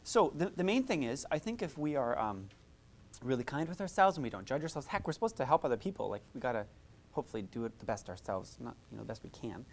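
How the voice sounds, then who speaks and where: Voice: mid-range voice, sing-song, quick pace, slight background noise. A music therapist leading a live workshop, coaching participants through vocal exercises in an encouraging, chatty way with frequent asides.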